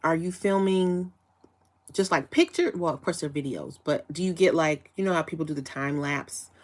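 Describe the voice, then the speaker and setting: Young woman livestream host, lowish voice, bubbly and chatty. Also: normal speed. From United States. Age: young adult. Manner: bubbly, chatty, breaks into excited high squeals. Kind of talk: casual livestream chat with viewers.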